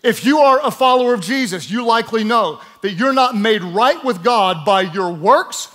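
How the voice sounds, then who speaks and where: A man's voice: high voice, expressive, moderate pace, fairly bright tone. A male pastor preaching a sermon, emphatic and calling on the congregation to repeat words aloud, with playful asides. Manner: emphatic, draws the congregation to speak along.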